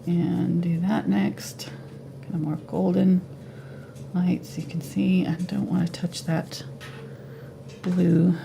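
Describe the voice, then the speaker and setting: A woman giving a live painting tutorial at home, relaxed and thinking aloud as she paints. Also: on the low side, slow, gravelly, background noise. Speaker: painting instructor.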